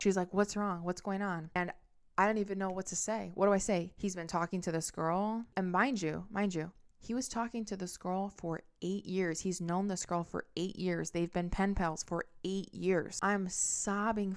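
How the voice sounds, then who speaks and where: A woman's voice: lowish voice, smooth. A young woman telling a personal breakup story on her podcast, emphatic, with lots of swearing and acted-out quotes. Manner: acts out quotes and horn sounds. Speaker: podcast host. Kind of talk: storytime monologue.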